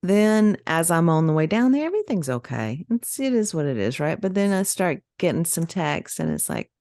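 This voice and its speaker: Lively woman telling a story. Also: lowish voice, normal speed, no echo, clean studio sound. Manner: animated, laughing, acts out quoted voices. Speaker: podcast co-host. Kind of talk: casual storytelling chat.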